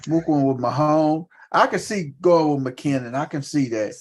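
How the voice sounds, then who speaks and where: A man with a high-pitched voice riffs loudly on fantasy football picks. His talk is full of cursing and lively banter, bouncing from pick to pick. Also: normal speed. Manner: loud, profane, animated banter about fantasy picks. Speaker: podcast co-host. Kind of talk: casual sports chat.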